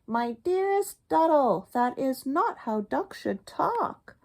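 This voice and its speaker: Woman as a fussy storybook goose: high, prim, indignant, sing-song. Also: sing-song, slow pace, darkish tone, exaggerated voice. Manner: indignant, fussing. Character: prim, flustered female goose.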